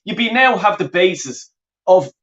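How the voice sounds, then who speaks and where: High-voiced angry man on a lo-fi line. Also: lively intonation, moderate pace, a bit bright. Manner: angry, sweary venting.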